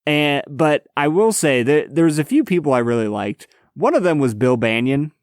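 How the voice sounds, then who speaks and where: A man's voice: fairly high pitch, expressive, normal speed, clean tone, no room sound, clean studio sound. A young adult man co-hosting a podcast in a laid-back, reflective way, calling his friend man and dude. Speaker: podcast co-host. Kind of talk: casual chat.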